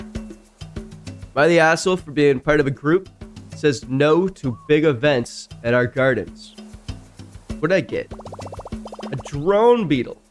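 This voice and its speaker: A man streaming a game, reading stories aloud and breaking in with loud, jumpy reactions. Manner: reacts loudly, jumps high in pitch. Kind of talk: casual reading and commentary while gaming.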